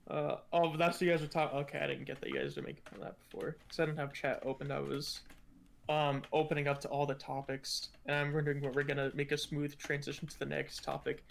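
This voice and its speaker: Podcast guy with a gravelly voice, rambling chat, laughs a lot, a bit of hiss behind. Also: a little high, quick pace. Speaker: podcast co-host. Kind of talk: casual chat.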